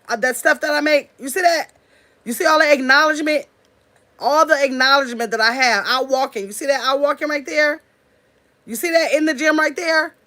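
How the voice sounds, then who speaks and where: A middle-aged woman talks straight to her viewers in a blunt, chatty way and keeps calling them y'all. Her voice sits a little higher than most women's. She's running her own channel in an unscripted, casual vlog. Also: fairly bright tone. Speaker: channel host. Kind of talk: casual talk to camera.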